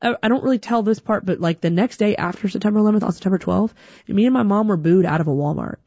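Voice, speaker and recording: A young adult woman comedian telling a personal story on stage, animated and acting out the other people's voices. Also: medium pitch, fast, husky, no echo, dull audio. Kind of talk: stand-up storytelling.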